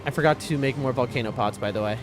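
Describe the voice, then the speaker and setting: A man streaming gameplay live. He talks to his chat with excitable, jumpy commentary, yelping at big moments and muttering in between. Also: medium pitch, quick pace. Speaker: gaming streamer. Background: game music.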